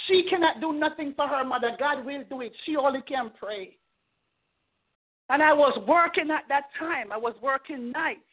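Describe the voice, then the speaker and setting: A middle-aged woman minister speaks in a high voice with earnest fervor, sharing her testimony and urging her listeners. She sounds thin and tinny, as if heard over a telephone conference line. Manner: earnest, fervent storytelling. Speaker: minister leading a prayer call. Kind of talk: testimony and exhortation on a conference call.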